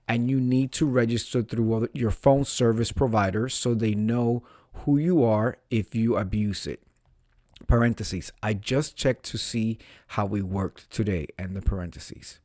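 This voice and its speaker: A man's voice: mid-range voice, darkish tone, dry recording, clean studio sound. A man casually reading out an online confession and commenting on it, often amused and laughing. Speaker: social media host reading confessions.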